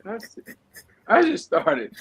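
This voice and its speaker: A man's voice: sits high, huge pitch swings, takes it slowly, breathy edge, no echo. A man chatting on a live stream, teasing and laughing a lot. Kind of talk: casual chat.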